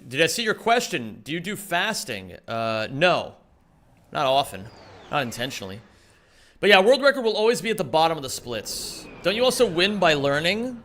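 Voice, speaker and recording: A man's voice: a little high, very animated, normal speed, a bit bright. A man streaming live, chatting casually with his viewers, greeting them by name and swearing freely as he plays.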